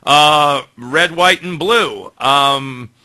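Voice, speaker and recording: A male talk show host with a high, very bright and cutting tone. He steers the banter briskly and adds wry asides as he moves through each segment. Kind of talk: casual talk radio banter.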